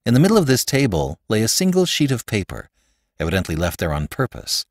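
A man narrating a classic story in an expressive, dramatic reading style as a podcast host. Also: fairly low pitch, brisk, no room sound, clean studio sound. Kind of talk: audiobook narration.

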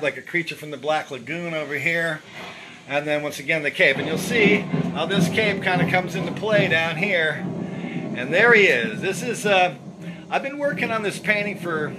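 A man's voice: fairly high pitch, bright, forceful tone, a little hiss or hum. A middle-aged man casually walking through his own painting, rambling with lots of fillers and restarts. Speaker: painter showing his artwork. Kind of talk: casual walkthrough commentary.

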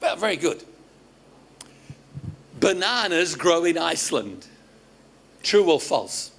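A man's voice: a little high, very animated, slow pace, vocal fry, a bit bright, a little hiss or hum. A man with an Australian accent preaching to his congregation, stammering into restarts, cracking jokes and quizzing the audience. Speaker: pastor. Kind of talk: lively sermon to a congregation. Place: church service.

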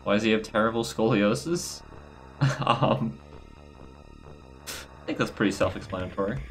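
A man's voice: fairly low pitch, moderate pace, soft background music, low-quality recording. A young man co-playing a horror game on stream, reacting with curses and laughter. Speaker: co-player on a stream. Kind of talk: casual gameplay chat.

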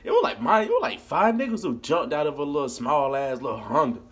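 Husky man telling a profane story. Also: a little high, quick pace. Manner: animated, profane, laughing storyteller. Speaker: vlogger. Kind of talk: casual storytime.

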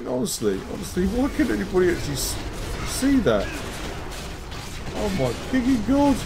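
Excitable gamer yelling and swearing. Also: male voice, sits high, normal speed. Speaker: gamer commentating his own play. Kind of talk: live gameplay commentary. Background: game music.

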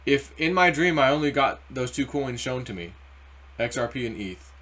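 A man hosting a casual crypto market commentary, rambling and animated, acting out quoted voices as he goes. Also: mid-range voice, normal speed. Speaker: crypto video host.

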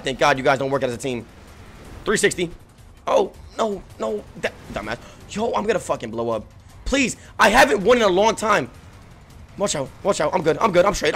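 A bright, high-voiced man streaming a chase game, his pitch swinging wildly as he yells and laughs at the players after him. He trash-talks freely and his voice is starting to wear out. Game music plays faintly behind him. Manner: frantic, yelling and laughing while playing; profane trash talk. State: voice giving out. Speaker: gaming streamer. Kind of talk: excited gameplay commentary.

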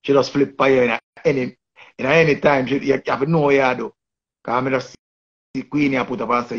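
A man's voice: mid-range voice, steady tone, brisk, slightly rough, dull audio. A man with a Jamaican accent giving rambling casual commentary in patois, often repeating and restarting his phrases. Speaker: online commentator.

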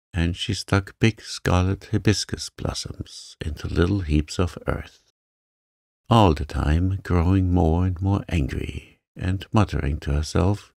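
Slow, deep, gravelly male narrator. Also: dry recording, clean studio sound. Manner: slow, soft and gentle. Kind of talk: calm sleep-story narration.

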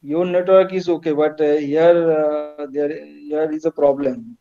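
Halting man lecturing over a dull call. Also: a little high, steady tone, mellow, faint music behind. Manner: halting, many fillers and restarts. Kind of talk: online class lecture. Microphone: video call. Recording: dull lo-fi online call audio.

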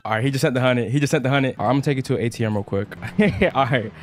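An excitable man narrating his gameplay in loose slang, laughing and jumping up in pitch whenever things get wild. His voice sits at an ordinary middle pitch, with faint music playing underneath. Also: racing. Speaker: gaming video host. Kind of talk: casual game commentary and role-play.

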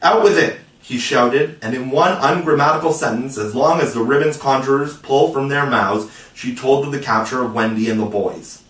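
A male reader narrates a storybook with measured drama, his voice sitting in the middle of the usual range. The mic is placed at a distance. The room around him rings with echo. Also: mid-range voice. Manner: dramatic, measured, expressive reading. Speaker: audiobook reader.

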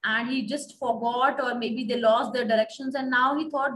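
A woman's voice: a little high, steady tone, moderate pace, fairly bright tone, rough recording. A woman teacher with an Indian English accent, reading a story aloud to a class and then retelling each part in plain words. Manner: reads passages aloud, then retells them in simple words.

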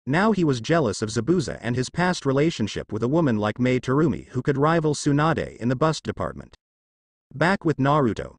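A man narrating a fan fiction story aloud in a plain, steady reading voice with occasional misread words. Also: medium pitch, a little fast, gravelly, hardly any pauses, no room sound.

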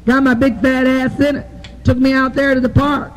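A woman comedian works a club crowd live, delivering crude, folksy bits in a drawl and saying "you know" constantly. Her voice is high-pitched with little pitch movement and a normal speed, and the poor audio is an old tape recording with faint hiss.

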